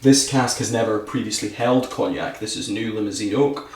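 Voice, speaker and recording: A man's voice: fairly low pitch, moderate pace, roomy sound, distant mic. A Scottish man talking about whisky as a podcast guest, eager, saying "absolutely" a lot and talking with his hands. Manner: enthusiastic, talks with his hands, says "absolutely" often. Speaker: distillery ambassador guest. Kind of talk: podcast conversation. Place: podcast studio.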